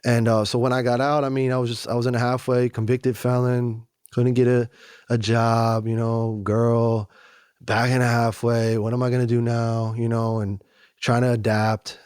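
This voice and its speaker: Plain-spoken male interview guest, animated and candid, recorded dry and close. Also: medium pitch, moderate pace, clean tone, no echo. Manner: animated, acts out other voices, frequent "you know" and "man". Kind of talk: candid conversational storytelling.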